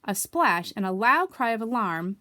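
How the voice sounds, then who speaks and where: A woman reading a children's story aloud, expressive, with asides to young listeners. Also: medium pitch, normal speed, no room sound. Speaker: storybook reader.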